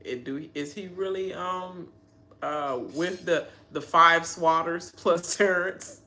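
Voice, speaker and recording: A woman's voice: fairly low pitch, takes it slowly, slight background noise. A woman hosting a live reaction video, ranting and laughing about a reality show as it plays. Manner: animated, laughs often, mimics people.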